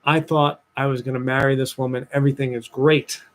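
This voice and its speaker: A young man, a dating coach talking to viewers on a livestream, telling a personal story with lively voiced-out asides. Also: fairly quick. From New Jersey, USA. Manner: animated storytelling, acts out his past self in a higher voice.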